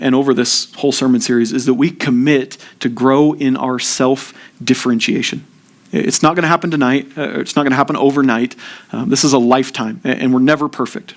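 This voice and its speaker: A man preaching a sermon at a church service in an earnest way, his voice rising with emphasis when he acts out people's complaints. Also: mid-range voice. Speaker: pastor.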